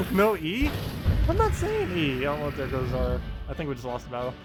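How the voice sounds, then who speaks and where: A man's voice: mid-range voice, big pitch swings, quick pace. A man streaming a game live, chatting casually and playfully, often breaking into laughter. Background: game music.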